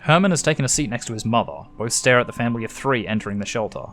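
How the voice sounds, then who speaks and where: An Australian man reading a story game aloud, lively in pitch and loudness as he narrates. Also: racing, faint music behind. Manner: animated reading, shifting pitch and loudness for each character. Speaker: gaming YouTuber.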